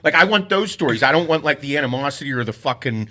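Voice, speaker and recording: A man's voice: mid-range voice, animated, quick pace, bright, forceful tone. A man hosting a podcast, telling stories in an intense, profane, casual way. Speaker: podcast host.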